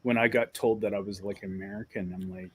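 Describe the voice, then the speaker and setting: A man's voice: lowish voice, steady tone, a little fast, a bit bright, slightly rough, no room sound. A man chatting casually as a guest on a live stream in an easygoing way. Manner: easygoing, laughs often. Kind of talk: casual chat.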